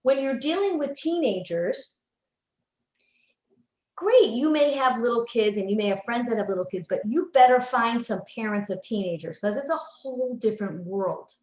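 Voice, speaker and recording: Lively storytelling woman in a roomy room. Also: a little high. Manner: animated storyteller, quick restarts. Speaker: psychologist guest. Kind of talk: casual interview chat. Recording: roomy echo.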